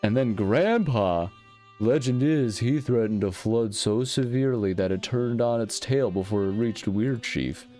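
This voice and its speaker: A man's voice: on the low side, sing-song, a little fast, hardly any pauses, darkish tone, clean tone, faint music behind. A man voicing a romantic goofball male adventurer who brags about his family line in a laid-back, rambling drawl. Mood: boastful.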